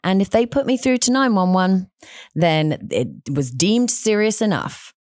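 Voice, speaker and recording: A woman hosting a podcast, telling stories in an animated, outspoken way with frequent restarts. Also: medium pitch, a little slow, no room sound, clean studio sound. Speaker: podcast host. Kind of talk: casual conversational storytelling.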